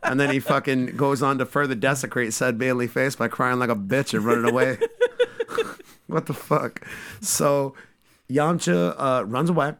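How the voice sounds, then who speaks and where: A man hosting a podcast, giving a casual, profane and joking recap of an episode as an animated storyteller. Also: medium pitch, moderate pace. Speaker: podcast host.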